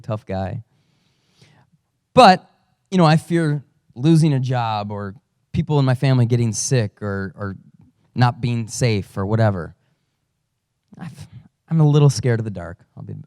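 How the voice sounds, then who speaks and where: A man's voice: mid-range voice, a little mellow, no echo, studio quality. A man who is a father, a pastor giving a conversational sermon with storytelling and self-deprecating humor. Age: adult father.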